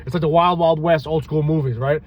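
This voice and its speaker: A police officer who also breeds reptiles vlogs casually near a street, tired and loopy, rambling animatedly through stories and cursing freely. He speaks a little fast at a fairly high pitch, in lo-fi sound.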